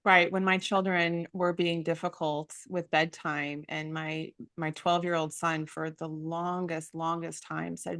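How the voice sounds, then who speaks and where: A woman in her forties hosting an interview, emotional and gushing, quick to cut in with her own stories. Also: on the low side, little pitch movement, dry recording, studio quality. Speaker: summit host. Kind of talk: casual interview chat.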